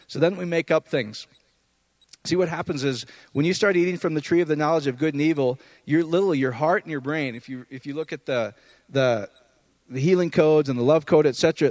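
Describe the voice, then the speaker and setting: A man's voice: a little high, dry recording. A man preaching an informal, conversational sermon, often checking in with his listeners. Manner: conversational, animated, often asks "does that make sense".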